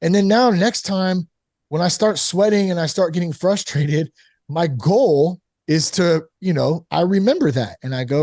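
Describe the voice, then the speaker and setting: A man casually telling a candid personal story about fatherhood and recovery, animated, full of "like" and "you know". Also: high-pitched, unhurried, dry recording, clean studio sound. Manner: candid, animated, acts out quoted voices; frequent fillers like "like" and "you know". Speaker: sober father on a recovery podcast.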